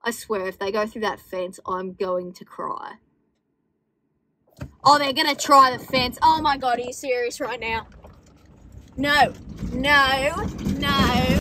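Chatty Australian woman, fairly high voice. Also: slow pace, pauses often, background noise. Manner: chatty, wry, exasperated, calls out to the sheep. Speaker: farmer vlogger. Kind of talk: casual vlog narration. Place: outdoors on a farm paddock.

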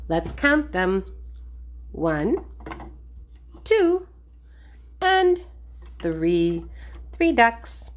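A woman hosting a kids' learning video, giving a playful toy demonstration for toddlers in a slow, clear, sing-song way. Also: on the low side, very animated, slight background noise.

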